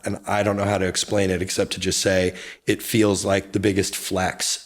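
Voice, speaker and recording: A man speaking candidly as an interview guest, intense and confessional, with sudden excited bursts. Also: deep voice, moderate pace, hardly any pauses. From United States. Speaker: guest, real estate brokerage founder.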